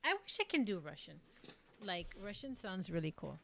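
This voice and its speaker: A woman's voice: medium pitch, big pitch swings, moderate pace, gravelly, fairly bright tone, a little hiss or hum. Chatty young woman streamer. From United States. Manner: chatty, rambling, full of "like" and "um". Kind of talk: casual live-stream chat.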